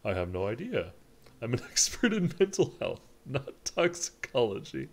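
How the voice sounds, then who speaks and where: A calm, professional rat doctor, read by a man in a measured tone that lifts a little higher than his plain talk. The voice keeps a faint gravelly edge.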